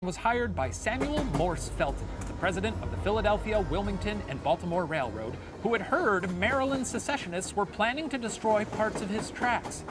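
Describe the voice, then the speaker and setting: A man hosting a comedic history quiz show, narrating in a theatrical, playful, quick manner. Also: high voice, lively intonation. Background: music.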